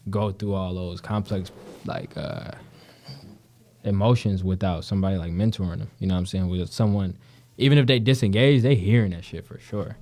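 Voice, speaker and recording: A man's voice: low-pitched, moderate pace, darkish tone. A young man from Detroit telling stories in slangy, profane casual talk, full of "you know what I'm saying.". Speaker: guest, actor. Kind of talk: casual conversation.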